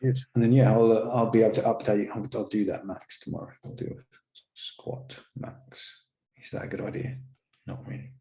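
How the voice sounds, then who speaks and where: Man on a podcast, low voice, relaxed teasing banter. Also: normal speed. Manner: teasing, laid-back banter. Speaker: podcast co-host. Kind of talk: casual chat.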